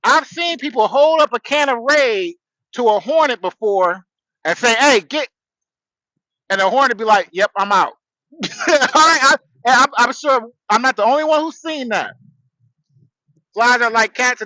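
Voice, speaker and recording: A man's voice: very high voice, moderate pace, bright, forceful tone, no echo, muffled recording. A man hosting a casual livestream from his truck on a headset, rambling in a laid-back way and greeting viewers. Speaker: livestream host. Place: outdoors, in a truck.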